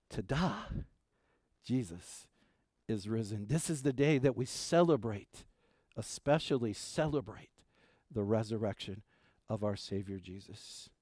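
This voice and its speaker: A middle-aged pastor preaching an Easter sermon, folksy and animated when telling stories, soft and gentle in prayer. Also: male voice, a little high, no echo, studio quality. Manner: folksy, animated storytelling with jokes.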